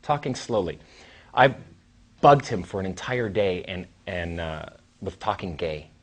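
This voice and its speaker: A man in his thirties giving a casual, rambling seminar talk as a trainer, with sighs and long pauses. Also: deep voice, animated. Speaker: dating coach and trainer.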